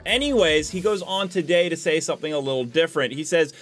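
A man's voice: a little high, fast talker, few pauses, a bit bright, faint music behind. A man giving casual gaming commentary as a YouTuber, chatty with joking asides.

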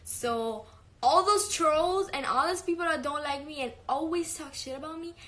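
A woman's voice: high voice, normal speed, fairly bright tone. A young woman chatting casually on a livestream, brash and profane, laughing often. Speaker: singer on a live stream.

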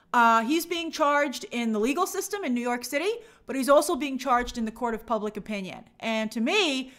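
Her somewhat high, slightly bright voice carries plenty of emphasis and animation. She runs a live stream, answering the viewer comments she reads out in a relaxed commentary style.

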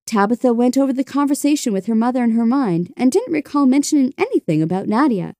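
A woman narrating a children's storybook in a gentle, expressive way. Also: high voice, quick pace, hardly any pauses, no room sound, clean studio sound.

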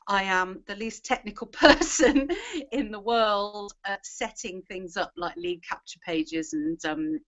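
Woman, chatty and self-deprecating, mid pitch, dull lo-fi call audio. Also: a little slow, a bit bright. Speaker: guest marketer. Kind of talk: casual online hangout chat. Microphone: video call.

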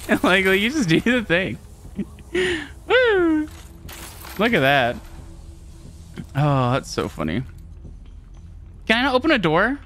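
A streamer giving live gameplay commentary, excitable, laughing often, swearing and talking to chat. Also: mid-range voice, unhurried, pauses often, slight background noise.

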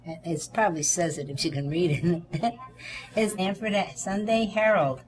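A woman's voice: fairly low pitch, measured pace, a little mellow. A woman in her eighties being interviewed for an oral history, reminiscing chattily and reciting a comic poem in a playful sing-song. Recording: roomy echo, faint background noise.

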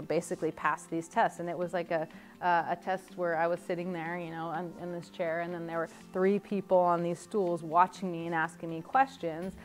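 A woman in her thirties, a motivational coach, telling rambling, self-deprecating personal stories in an animated way. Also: fairly low pitch.

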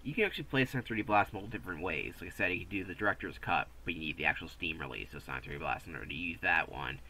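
A man's voice: deep voice, animated, racing, music in the background, poor audio. A man narrating a casual video game review, chatty and offhand, with restarts and asides.

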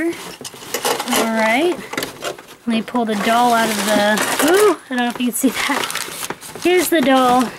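Gushing young woman unboxing, noisy room. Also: on the high side. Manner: gushing, breathless exclamations. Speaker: toy collector vlogger. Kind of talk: excited unboxing vlog. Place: home filming area.

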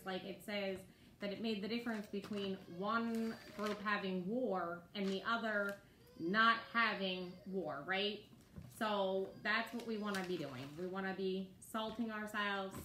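A woman's voice: mid-range voice, fairly bright tone, a little hiss or hum. Chatty woman teaching in an echoey room. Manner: chatty and conversational, often checking in with "right?". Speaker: ministry teacher. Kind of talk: casual sermon teaching. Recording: echoey room with faint ambience.

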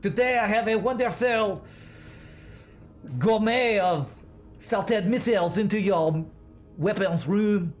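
A man putting on a pompous male French chef with a deliberately bad mock-French accent, playing up the grandeur. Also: high-pitched, soft background music, pitched above the performer's own voice. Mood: grandiose. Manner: grandly theatrical.

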